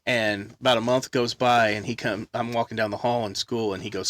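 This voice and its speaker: A man telling a long story in casual chat, loud and animated, belting out quoted songs. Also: lowish voice, a little fast, hardly any pauses.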